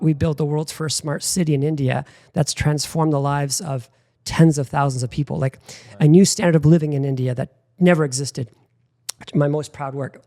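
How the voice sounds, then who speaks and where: A middle-aged man hosting a talk show, telling personal stories in a lively, anecdotal way with lots of "like" fillers. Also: fairly high pitch. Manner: animated anecdotal storyteller with frequent "like". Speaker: podcast host. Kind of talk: casual interview storytelling.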